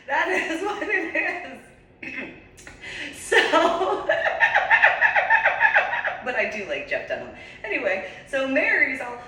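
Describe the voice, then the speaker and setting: A woman in her forties from New Jersey telling a story casually, animated and laughing often, in an echoey room far from the mic. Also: a little high, slow, long pauses. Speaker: vlogger.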